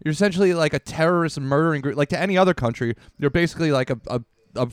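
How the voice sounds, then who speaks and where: A man hosting a podcast in a profane, mocking, excitable casual chat. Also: on the high side, very fast, clean tone, dry recording, clean studio sound. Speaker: podcast host.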